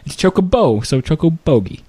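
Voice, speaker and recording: A man's voice: fairly high pitch, very animated, normal speed, no echo. Goofy joking man, dry close sound. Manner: goofy, joking, laughs a lot. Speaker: podcast co-host. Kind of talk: casual chat.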